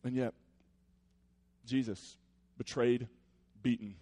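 A man's voice: mid-range voice, steady tone, slow pace. Earnest man preaching a conversational sermon. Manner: conversational, earnest, with soft reflective passages. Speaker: pastor.

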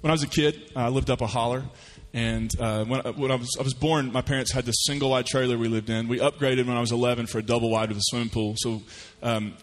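A man delivers a sermon in a relaxed, folksy storytelling style. His voice sits at an ordinary pitch, and he slips into the voices of the people he describes. A long church reverb trails each phrase. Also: fast talker, few pauses. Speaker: pastor.

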